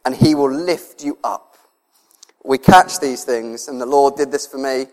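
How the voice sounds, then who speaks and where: A man's voice: mid-range voice, measured pace. A man preaching a sermon to his congregation, talking conversationally, often chuckling and moved close to tears. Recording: long hall reverb.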